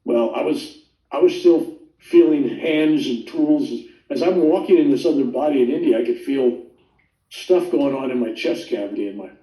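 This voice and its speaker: An older man casually telling his near-death story in a rambling, animated way, acting out the voices he quotes. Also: mid-range voice, moderate pace. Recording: roomy sound, distant from the mic.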